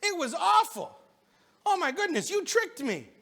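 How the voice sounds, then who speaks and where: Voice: very high-pitched, very animated, a little slow, fairly bright tone, voice pushed up, exaggerated voice. A service leader voicing a poor, hungry traveler man who complains with exaggerated indignation. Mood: aggrieved.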